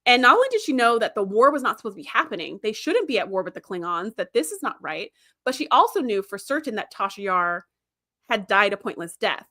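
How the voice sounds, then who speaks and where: A woman hosting a livestream, chatting about a TV series in an animated, casual way and laughing often. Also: medium pitch, brisk. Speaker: livestream host. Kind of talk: casual fan commentary.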